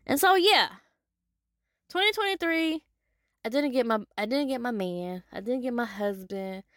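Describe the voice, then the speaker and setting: A woman hosting a solo podcast, talking in an animated, casual way with some swearing, swinging from loud to soft. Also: a little high, normal speed, no room sound, clean studio sound. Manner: casual, with profanity and y'all. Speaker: podcast host. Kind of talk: solo motivational podcast monologue.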